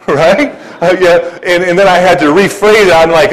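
A man preaching to a church congregation in a folksy, joking way. His voice sits a little higher than most men's, and he stumbles often through fillers and restarts as he talks. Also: lively intonation, unhurried, rough recording. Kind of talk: conversational sermon.

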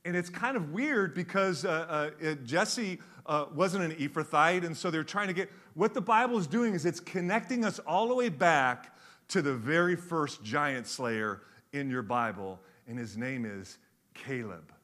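A middle-aged man, preaching a sermon with animated, joking storytelling. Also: a little high, unhurried. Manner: animated storytelling with jokes, varied pace. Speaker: pastor.

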